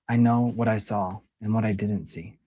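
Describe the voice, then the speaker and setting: Man reading a secretive young woman from underground, low husky voice, grave and hushed. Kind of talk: audition scene reading.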